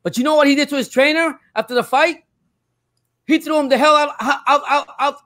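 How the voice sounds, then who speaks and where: A man's voice: very high voice, fairly even intonation, brisk, bright, forceful tone, no room sound. An older man arguing heatedly about boxing, swearing, repeating himself and cutting in. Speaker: boxing fan in a debate. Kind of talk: heated street argument.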